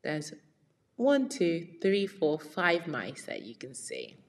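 A woman with a lower voice reads a storybook aloud to children. She stops to explain words and ask them questions in a friendly way. The recording has a long reverb. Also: huge pitch swings, slow pace. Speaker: read-aloud teacher.

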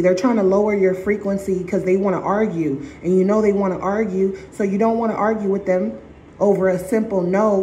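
A woman's voice: mid-range voice, mellow, roomy sound, slight background noise, poor audio. A woman vlogger giving emphatic relationship advice in a blunt, repetitive way, swearing casually.

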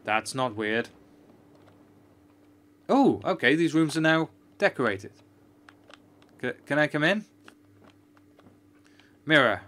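A man's voice: mid-range voice, expressive, slow, long pauses, a bit bright. A man giving chatty, joking, sarcastic commentary while playing a video game. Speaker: gamer. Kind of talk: let's-play commentary.

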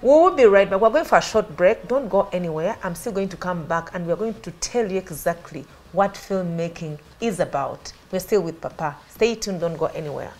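A woman's voice: on the low side, expressive, fairly quick, hardly any pauses, darkish tone. A woman with a Ugandan accent hosting a talk show, asking probing questions. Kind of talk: casual interview chat.

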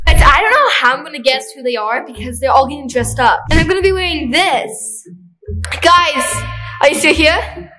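A woman vlogging in a casual, excitable way, thinking aloud and giggling often. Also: sits high, moderate pace, faint music behind, low-quality recording. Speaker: family vlogger. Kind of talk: casual vlog chat.

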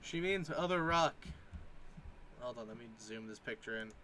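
A man's voice: mid-range voice, animated, moderate pace, bright, forceful tone, a little hiss or hum. A man in casual commentary, reading memes aloud and joking, sometimes putting on mock voices. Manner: jokey, reads captions aloud with mock voices.

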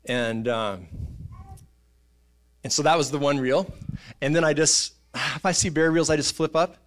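A man, preaching a sermon in a church, telling stories in an animated way and acting out voices and sounds. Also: a little high, measured pace. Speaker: pastor. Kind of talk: casual sermon storytelling. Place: church auditorium.

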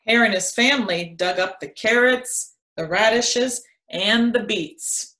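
A woman educator reading a children's picture book aloud in an expressive storytelling manner. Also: on the high side, takes it slowly.

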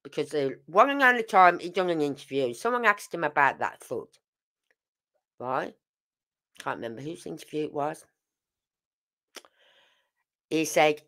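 Animated older woman with a bright voice. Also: low voice, unhurried, pauses often. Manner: animated, emphatic retelling with rhetorical questions. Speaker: true crime channel host. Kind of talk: casual commentary.

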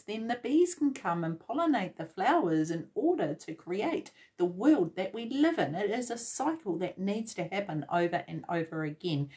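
Her voice is medium-pitched and a little mellow. She's doing a tarot reading, speaking to viewers in a direct, encouraging way with frequent repetition.

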